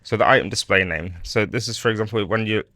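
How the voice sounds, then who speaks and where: A man talks through a screen-recorded modding tutorial, speaking fast in a fairly low voice. His explanation is relaxed and a bit rambling, with frequent fillers and restarts. The sound is studio quality with no room sound.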